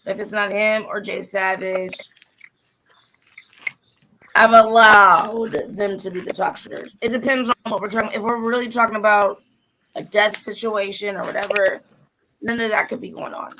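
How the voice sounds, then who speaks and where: Gravelly, bright-voiced woman chatting. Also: medium pitch, fairly even intonation, moderate pace, slight background noise, rough recording. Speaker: livestream host. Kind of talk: casual chat.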